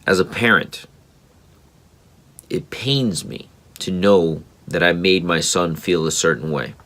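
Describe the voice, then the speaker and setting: A man's voice: sits low, takes it slowly, a bit bright. A man in his thirties, a parenting podcast host, telling a personal story in an earnest, rambling way with many ums and restarts.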